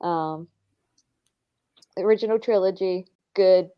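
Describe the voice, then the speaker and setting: A woman chatting casually, measured and hesitant with frequent ums. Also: mid-range voice, clean tone. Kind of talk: casual chat. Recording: muffled lo-fi audio.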